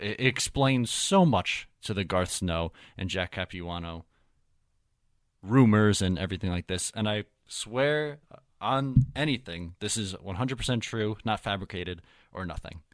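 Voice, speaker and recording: Brief: young man, lowish voice, podcast host, dry close sound, relaxed storyteller. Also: no echo. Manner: laid-back, joking storyteller. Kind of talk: casual hockey podcast chat.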